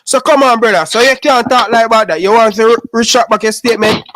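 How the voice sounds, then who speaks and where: A man's voice: very high-pitched, quick pace, a little hiss or hum. A man with a Jamaican accent in heated casual sports talk on a podcast, calling his co-host "brother" over and over. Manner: animated, repeats "brother" often.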